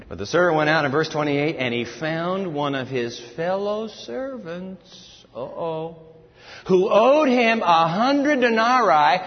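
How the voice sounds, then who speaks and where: A high-voiced male preacher swings his pitch widely as he drives his points home. He talks emphatically and keeps telling his listeners to jot things down. His voice carries a long reverb through a dull, lo-fi recording. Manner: animated and emphatic, tells listeners to take notes. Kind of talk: sermon teaching from scripture. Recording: reverberant hall, dull lo-fi sound.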